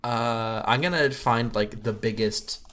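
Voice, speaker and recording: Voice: medium pitch, takes it slowly, a bit bright, a little hiss or hum. A player joking through their turn in a tabletop role-playing game. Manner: joking, laughs at own moves.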